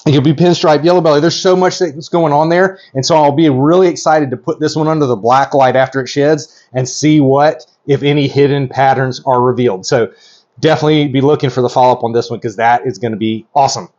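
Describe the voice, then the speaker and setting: A middle-aged man talks eagerly as host of his own vlog, in a voice of ordinary middle pitch. He rambles and cuts himself off mid-thought. The audio is a bit dull and lo-fi. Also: brisk. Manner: excitable, rambling, self-interrupting. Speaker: reptile breeder host. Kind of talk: hands-on vlog commentary.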